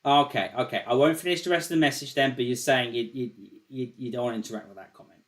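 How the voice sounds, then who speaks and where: A man hosting a call-in show in loose, casual chat. He rambles, curses freely and repeats phrases as he works through a point. His voice sits at an ordinary middle pitch. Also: fast, crowd noise. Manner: rambling, swears often, repeats himself. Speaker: show host.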